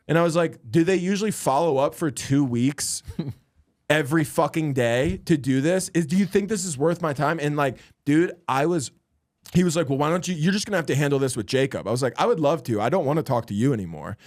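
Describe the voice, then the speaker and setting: A man's voice: mid-range voice, a little mellow, no room sound, clean studio sound. A young man, a stand-up comedian and podcast co-host, telling a long story in casual chat and acting out the other people in it.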